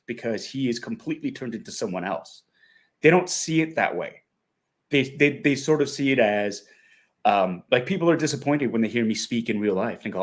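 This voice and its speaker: A man's voice: medium pitch, very animated, normal speed. A middle-aged man with a Canadian accent, a guest actor talking earnestly and reflectively in a casual interview, laughing often.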